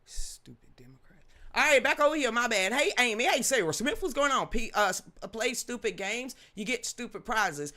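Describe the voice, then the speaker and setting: A woman hosting an unscripted political live stream, talking in a sassy, animated and mocking way, greeting chat viewers by name. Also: a little high, a little fast, few pauses.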